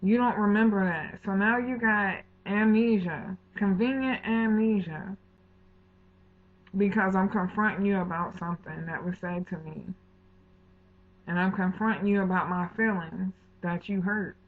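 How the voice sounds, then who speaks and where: A woman's voice: medium pitch, unhurried. A woman telling a true story for her vlog in a heated, indignant way, full of slang, swearing and acted-out bits of the conversation. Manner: heated, indignant retelling with slangy asides and quoted dialogue. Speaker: vlogger. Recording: tinny phone-like audio.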